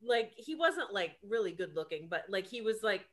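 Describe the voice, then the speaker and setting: A woman's voice: medium pitch, sing-song, normal speed, a crowd in the background. A woman co-hosting a casual podcast, chatty and full of fillers as she compares a book and a show. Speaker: podcast co-host. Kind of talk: casual chat.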